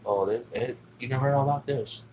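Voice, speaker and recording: A man's voice: medium pitch, quick pace, darkish tone, a little hiss or hum, poor audio. A man telling a personal story in a casual, rambling way, swearing often and filling gaps with "you know what I'm saying.". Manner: rambling, profane, with many fillers.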